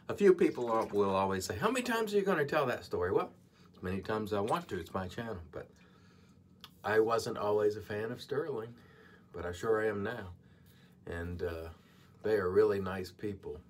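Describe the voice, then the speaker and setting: Male vlog host, low voice, casual rambling review mid-shave. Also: a little hiss or hum. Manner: chatty, digressive, earnest asides. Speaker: channel host reviewing shaving soap. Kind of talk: casual product review while shaving.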